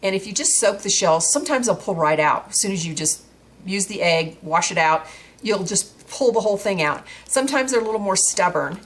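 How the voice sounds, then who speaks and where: A woman's voice: medium pitch, lively intonation, a little fast. A woman talking through a craft tutorial in a chatty way while she works, with frequent fillers and restarts.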